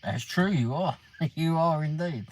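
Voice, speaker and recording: A man's voice: on the high side, a little slow, a little hiss or hum, rough recording. A man live-streaming late at night, chatting casually, greeting viewers by name and answering the chat.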